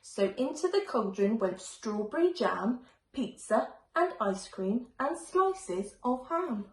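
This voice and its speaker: A woman teacher reading a rhyming picture book aloud in a slow, expressive way. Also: a little high, echoey room, a little hiss or hum, low-quality recording. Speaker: primary school teacher.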